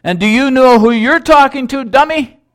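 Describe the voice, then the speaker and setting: A man voicing a brash young office trainee who shouts cheekily in a told joke. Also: a little high, a little slow, natural voice. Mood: cocky. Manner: shouting, cocky.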